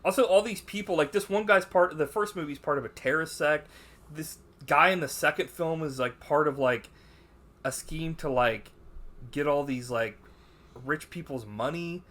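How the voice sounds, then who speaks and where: A man's voice: a little high, moderate pace, a bit bright. A man co-hosting a podcast, reviewing a film in casual banter, swearing a lot and doing mocking impressions of the characters. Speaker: podcast co-host.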